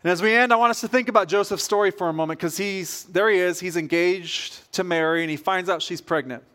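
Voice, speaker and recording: A man's voice: high-pitched, a little fast, bright, forceful tone. A male pastor preaching a sermon, telling a story and acting out the people in it with rising energy. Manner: storytelling, acts out quoted voices with rising energy.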